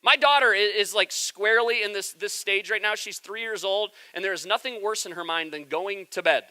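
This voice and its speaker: A man in his thirties delivers a sermon with a high, keen voice. His tone is very bright and cutting, and he shifts into easygoing, humorous storytelling, chatting with his congregation. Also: fairly quick, smooth. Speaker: pastor.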